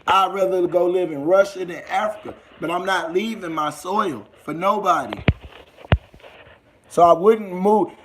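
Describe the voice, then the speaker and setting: A man's voice: high voice, moderate pace, hardly any pauses, background noise. A young man with a Southern US accent, hosting a casual livestream and talking loosely to his viewers in rambling street slang. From United States. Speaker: livestream host.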